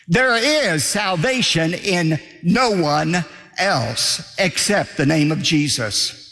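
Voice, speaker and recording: A man's voice: fairly high pitch, lively intonation, slow pace, bright, forceful tone, big-room sound. A male pastor delivering a sermon in an emphatic, declamatory way, driving points home by repetition.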